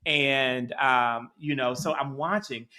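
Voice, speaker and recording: A man's voice: medium pitch, takes it slowly, pushed and bright. A middle-aged man from Mississippi with a Southern accent, co-hosting a casual political chat, rambling and swearing freely. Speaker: co-host.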